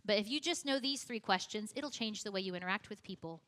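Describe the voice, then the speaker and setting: A woman's voice: medium pitch, quick pace, a bit bright. A young woman giving a conversational teaching talk, chatty and self-deprecating, with frequent casual asides. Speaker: youth apologetics teacher.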